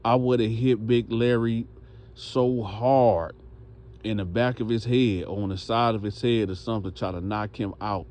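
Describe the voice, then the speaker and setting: A man's voice: fairly low pitch, measured pace. A man telling a story in a casual way, acting out the voices of the people in it. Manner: animated, acts out voices.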